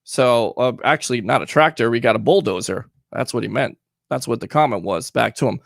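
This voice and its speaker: A man's voice: mid-range voice, fairly quick, creaky, no room sound, studio quality. A man hosting a live call-in sports show, talking emphatically and reading fan comments aloud. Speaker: sports talk show host.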